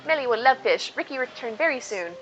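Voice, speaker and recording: A woman's voice: high voice, expressive, fast, a bit bright, lo-fi sound, faint music behind. A woman reading out a small, cheerful male creature from a game, talking in clipped baby-talk about himself. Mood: eager. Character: small round childlike male Nopon creature, cheerful, broken speech.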